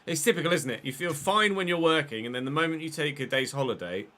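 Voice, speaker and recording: A man commentates a football video game on a live stream, his fairly high, bright voice jumping up whenever a goal goes in. He is a little under the weather and coughs now and then, swearing casually as he chats to his viewers. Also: fast. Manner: excitable, swears freely, talks to chat. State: unwell, coughing.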